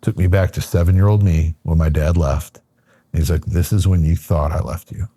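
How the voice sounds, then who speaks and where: A man's voice: low-pitched, fairly even intonation, normal speed, warm tone, husky, no room sound. A middle-aged man from Michigan, a podcast guest, telling a personal story casually with lots of fillers and acted-out quotes. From Michigan, USA.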